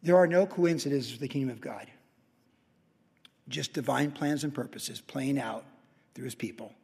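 A man's voice: mid-range voice, moderate pace, gravelly, darkish tone, husky. A male pastor preaching a sermon with impassioned storytelling. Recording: long hall reverb.

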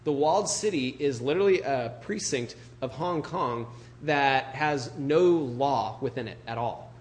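A male pastor preaches a casual sermon full of jokes, reads scripture, and peppers his speech with "you know" and "like." His voice is mid-range and measured, with a little hiss or hum in the audio.

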